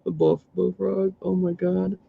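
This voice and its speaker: A man's voice: high voice, monotone, a little slow, gravelly, slightly rough. An easygoing man chatting casually while he works on a craft. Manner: easygoing, laughs often. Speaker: livestream co-host. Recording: lo-fi livestream audio.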